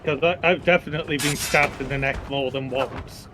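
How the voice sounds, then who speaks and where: A man's voice: mid-range voice, fairly even intonation, brisk, noisy background. A man chatting casually and joking dryly while streaming a video game. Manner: dry, joking. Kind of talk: casual gameplay chat. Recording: game sound playing underneath.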